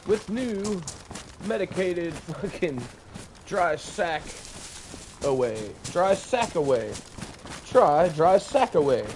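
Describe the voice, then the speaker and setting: A man putting on the voice of a cheesy male TV infomercial announcer, in a drawn-out sales pitch. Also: big pitch swings, darkish tone, a little hiss or hum, heavily acted. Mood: salesy. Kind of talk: mock advertisement.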